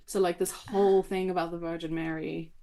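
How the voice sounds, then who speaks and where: A woman author as a guest on a podcast, chatting casually and telling animated, rambling stories. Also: lowish voice, fairly quick. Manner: animated, tangential storyteller who swears casually.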